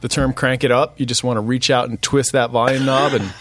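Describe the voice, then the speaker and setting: A man's voice: mid-range voice, steady tone, a little fast, fairly bright tone. Ranting man on a podcast panel. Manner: ranting, nostalgic. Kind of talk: casual roundtable chat.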